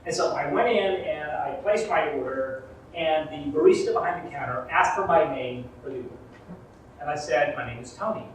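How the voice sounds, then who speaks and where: A man from rural Arkansas telling a comic story live in a theatre, animated and shouting out the lines he quotes. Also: on the high side, normal speed, a little hiss or hum. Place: theatre stage. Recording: echoey theatre from far off.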